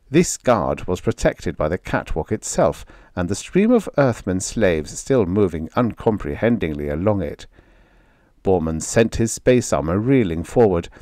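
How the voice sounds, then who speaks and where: A man narrating a vintage science fiction audiobook in an expressive, dramatic storytelling manner, close on a studio mic. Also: deep voice, no echo.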